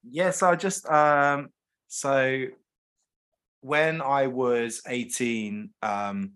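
Guy, excited about football, keeps restarting his sentences. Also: medium pitch, very slow, clear, resonant tone. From South London, England. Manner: enthusiastic, restarts a lot. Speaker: podcast guest, business owner. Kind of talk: casual chat.

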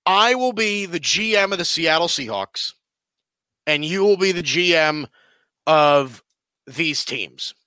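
A man's voice: on the high side, lively intonation, takes it slowly, sharp tone, no room sound. A man co-hosting a sports podcast, talking casually and rambling with lots of fillers and restarts.

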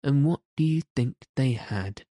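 A man voicing a motherly young girl telling a bedtime story, in a lifted, soft, coaxing voice, in an audiobook. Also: mid-range voice, animated, measured pace, no room sound, clean studio sound, pitched above the performer's own voice, natural voice. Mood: storytelling.

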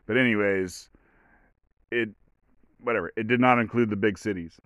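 A man's voice: lowish voice, moderate pace, a bit bright, dry recording, studio quality. A man talking on his own show in casual commentary, rambling and sarcastic, full of restarts and fillers. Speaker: podcast host.

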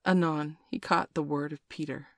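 Low voiced woman reading a storybook aloud, steady and expressive, dry close sound. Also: normal speed, no echo. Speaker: narrator. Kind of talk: storybook narration.

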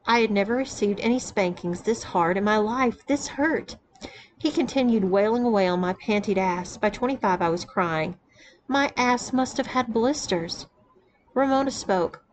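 A woman reading a first-person story aloud in an even, storytelling delivery. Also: mid-range voice, normal speed, slight background noise, low-quality recording. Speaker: narrator. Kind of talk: audiobook reading of an erotic memoir.

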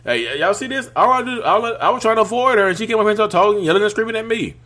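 An indignant man, loud and pitched high, insists to the camera that none of this is his fault, as a man acts him out. His protests climb and strain with exasperation. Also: expressive, racing. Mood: indignant, exasperated.

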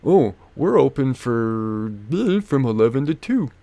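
A man mimicking a curt female fast-food worker, speaking in an offhand, dismissive way. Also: very deep voice, very animated, mellow, dry recording, dull audio, voice pushed up, full character voice.

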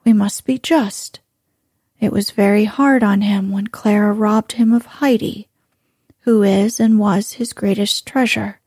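A woman voicing a kind elderly grandmother in a slow, soft, breathy bedtime story reading. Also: fairly high pitch, big pitch swings, dry recording, clean studio sound, heavily acted. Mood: kind, coaxing.

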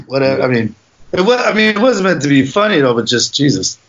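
A man's voice: medium pitch, big pitch swings, fast talker, fairly bright tone. A man co-hosting a casual comedy podcast, telling profane stories and acting out the people in them. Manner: profane storyteller, acts out people in bursts. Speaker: podcast co-host. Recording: dull lo-fi sound.

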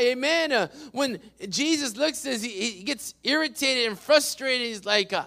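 High, bright-voiced preaching man. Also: lively intonation, normal speed, creaky, few pauses. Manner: punctuates phrases with "amen", swings between loud emphatic bursts and hushed asides. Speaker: pastor. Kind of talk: sermon.

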